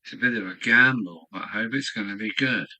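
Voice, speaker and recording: Chatting to himself on a live stream from his hobby room at home, this older English model railway streamer rambles in a lowish, sharp-toned voice, talking a little fast. The audio quality is poor.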